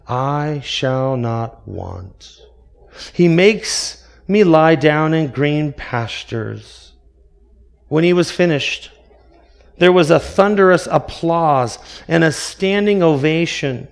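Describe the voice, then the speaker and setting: A man preaching a sermon as pastor, earnest and full of rhetorical questions. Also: high voice.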